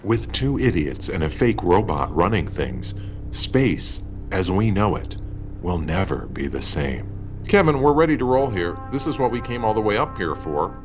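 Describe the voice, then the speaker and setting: A male podcast host with a lowish voice that rises and dips freely. He delivers comic bits with a dry, correcting edge, then slides into plain interview questions. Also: very animated, moderate pace, music in the background. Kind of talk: comedy skit and interview hosting.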